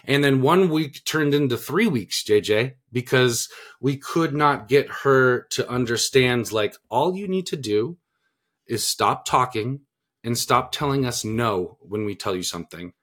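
Guy on a podcast rambling about parenting, lots of restarts and you-knows, mid-pitched voice. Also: lively intonation, a little slow, a bit bright. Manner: earnest, rambling, frequent restarts and "you know" fillers. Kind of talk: casual podcast chat.

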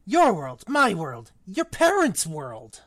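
A big, rough-spoken half-giant gamekeeper, as an amateur book-club reader voices him. The lines are read aloud rather than fully acted, in a middling pitch. The sound is dry and close. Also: wildly swooping pitch, slow, a bit bright, dry recording, exaggerated voice. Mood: gruff. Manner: reads dialogue aloud in a fairly plain voice.

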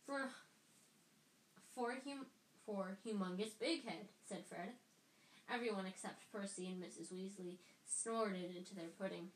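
A woman's voice: mid-range voice, steady tone, unhurried, long pauses. A woman reading a story aloud, stumbling and restarting lines as she goes. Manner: reads with frequent stumbles and restarts. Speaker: reader. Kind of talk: amateur audiobook reading. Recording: echoey room with faint noise.

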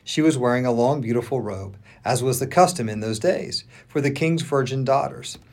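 A man co-hosting a podcast, reading scripture aloud in even narration and voicing the speakers lightly. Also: medium pitch, moderate pace. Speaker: podcast co-host.

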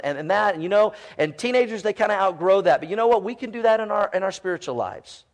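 High-voiced folksy preaching man. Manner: animated, folksy storytelling with many "you know" fillers. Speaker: pastor. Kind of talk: sermon.

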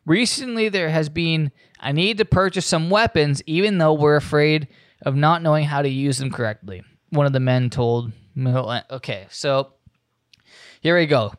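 A man's voice: a little high, moderate pace, dry recording, studio quality. A man hosting a podcast, rambling profanely through a casual monologue and reading news aloud. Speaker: podcast host.

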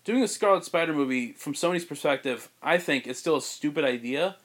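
A man hosting a podcast, casually pitching a film plot in a rambling way, full of "like" and restarts. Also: expressive, fairly quick, a bit bright. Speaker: podcast host.

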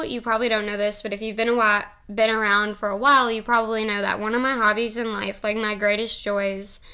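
A woman's voice: mid-range voice, bright, forceful tone, clean tone. A young woman hosting a solo podcast, chatting casually in a rambling, giggly, profane and playful way. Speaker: podcast host.

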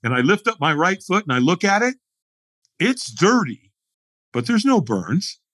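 A man's voice: sits high, sing-song, unhurried, fairly bright tone, no room sound. A man telling a dramatic story as a podcast guest, acting out the scene in voices. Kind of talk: animated storytelling.

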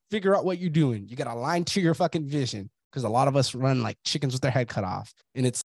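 Man, podcast host, rapid-fire and profane, dry close sound. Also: mid-range voice, a little mellow, dry recording. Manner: blunt, profane, motivational. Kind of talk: casual podcast chat.

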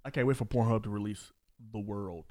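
A man co-hosting a podcast, reacting loudly and profanely in casual banter. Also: on the low side, brisk, dry recording, clean studio sound. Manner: loud, profane, reacts with outbursts. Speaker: podcast co-host.

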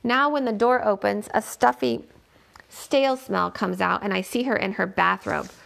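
Woman narrator, first-person audiobook; measured delivery, heavy gravel. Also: medium pitch, a bit bright. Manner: measured, plain storytelling.

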